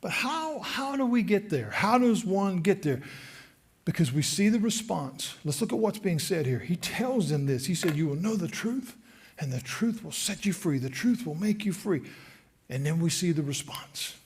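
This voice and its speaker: High-voiced Southern preacher, animated delivery. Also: male voice, normal speed, breathy edge. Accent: Southern American. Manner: animated, acts out voices of the crowd. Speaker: pastor. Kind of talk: sermon. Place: church sanctuary.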